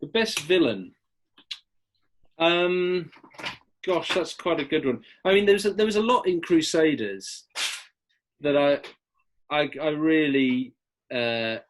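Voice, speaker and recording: A man's voice: fairly high pitch, animated, takes it slowly, long pauses, slight background noise. A man answering history questions as a podcast guest, chatty and enthusiastic with loose restarts. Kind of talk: casual podcast Q&A.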